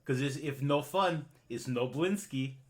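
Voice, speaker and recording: A man's voice: medium pitch, unhurried, natural voice. A man voicing a gloomy toymaker who speaks in clipped, broken English without articles. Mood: earnest.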